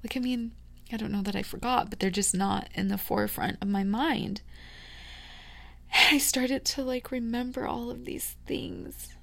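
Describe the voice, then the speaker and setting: A woman in her thirties hosting a podcast, talking through a rambling, confiding personal monologue full of fillers, dropping to a hush and then rising loud. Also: a little high, moderate pace, creaky. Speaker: podcast host.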